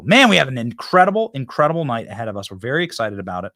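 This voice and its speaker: A man hosting a live political show, joking with his crew and interviewing a guest in a lively, teasing way. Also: fairly high pitch, a little fast, hardly any pauses, no room sound, clean studio sound. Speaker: host.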